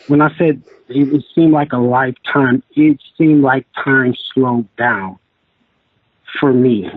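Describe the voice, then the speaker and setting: A man telling his own story in a casual interview, rambling and halting, with many restarts and fillers. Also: medium pitch, breathy edge, no echo. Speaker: guest telling his encounter. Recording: tinny phone line.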